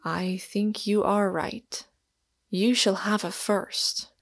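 A dry, cautious older professor, as a woman narrator voices him, weighing each word with hesitant care. Her pace is slow, with a gravelly texture, and the sound is close and dry. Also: mid-range voice, fairly even intonation, no room sound. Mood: measured. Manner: hesitant, measured. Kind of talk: audiobook reading.

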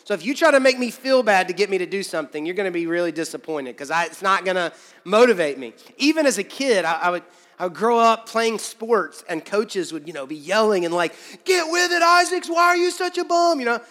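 A man's voice: sits high, lively intonation, fairly quick, a bit bright, big-room sound. A man pastor preaching a conversational sermon, joking and acting out quoted voices.

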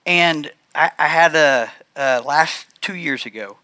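An earnest man shares a confessional church testimony, pausing and restarting as he goes. His voice is bright and forceful, and it sounds dry and close, with no room echo. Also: fairly high pitch. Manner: halting, with frequent restarts. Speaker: church speaker sharing a testimony. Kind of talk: personal testimony to a congregation.

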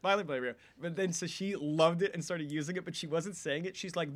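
Guy cohosting a movie podcast, kinda high voice, rambly, keeps cutting himself off. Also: steady tone, normal speed, fairly bright tone. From United States. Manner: rambling, self-interrupting storyteller. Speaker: podcast co-host. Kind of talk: casual chat about films.

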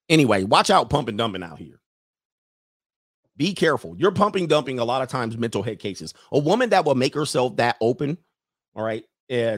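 A man hosting a livestream as a coach talks bluntly and crudely, and he often turns preachy. His voice sits at an average pitch. The sound is dry and close, with almost no room echo. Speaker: coach, podcast host. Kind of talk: livestream commentary reading chat.

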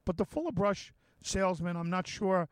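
A man's voice: high-pitched, lively intonation, normal speed, clear, resonant tone, no echo. A man hosting a casual chat, talking in a hesitant way with many restarts. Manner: hesitant, many restarts and fillers, laughs easily.

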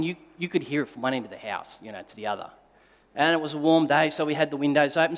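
A male pastor telling a personal story in a sermon, moving between forceful emphasis and quiet, tender passages. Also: fairly high pitch. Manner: dynamic storytelling, swinging between loud emphasis and hushed, tender delivery. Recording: long reverb of a large hall.

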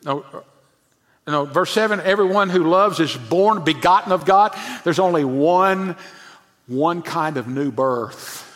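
A man with a high voice preaches a sermon, pressing his points hard and then falling to a near hush. His words ring out with a long reverb in a church sanctuary. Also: slow. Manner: emphatic preaching, often dropping to a hushed low voice. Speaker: pastor.

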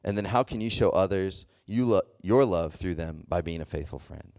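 Youth preacher, male, low voice; loose, chatty delivery, keeps checking the room. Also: animated, moderate pace, gravelly, darkish tone, no echo, clean studio sound. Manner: conversational, checks in often with "okay?" and "does that make sense?"; loose and chatty, with many fillers and restarts. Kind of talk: casual sermon to a youth group.

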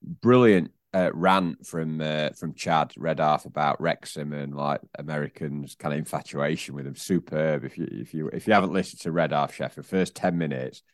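A man's voice: very deep voice, moderate pace, dry recording, clean studio sound. A man co-hosting a podcast in rambling casual chat, full of restarts and fillers. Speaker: podcast co-host.

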